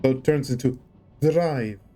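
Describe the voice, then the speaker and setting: A man's voice: medium pitch, lively intonation, a little slow, dark tone, soft background music. A man casually chatting on a livestream while playing a game, musing and rambling as he tries out rolled R's. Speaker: game streamer.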